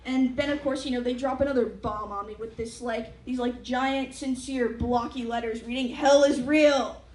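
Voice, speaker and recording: A woman's voice: a little high, fairly even intonation, normal speed. Wry young woman doing stand-up. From United States. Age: young adult. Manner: wry, self-deprecating, chatty with many fillers. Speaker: student stand-up comic. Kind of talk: stand-up comedy set. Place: large hall with a live audience. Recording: echoey hall, noisy live mic.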